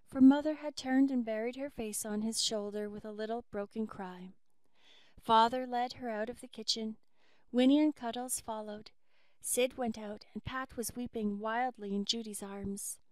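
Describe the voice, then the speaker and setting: A woman reading a classic novel aloud as a measured, expressive audiobook narrator. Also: on the high side, no echo. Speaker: audiobook reader. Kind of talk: scripted narration.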